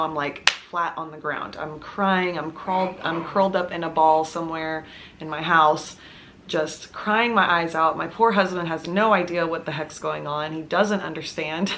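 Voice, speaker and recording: Earnest low-voiced mom confiding on camera. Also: female voice, a bit bright, a little hiss or hum. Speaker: mom vlogger telling her own story. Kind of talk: personal storytelling to camera. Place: at home with her baby nearby.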